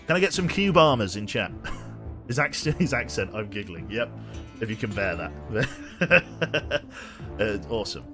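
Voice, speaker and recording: A man's voice: fairly low pitch, very animated, unhurried. A young man chatting casually to his stream chat while playing, rambling and joking, on a desk mic. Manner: rambling, jokey, talks to chat. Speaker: game streamer. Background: game music.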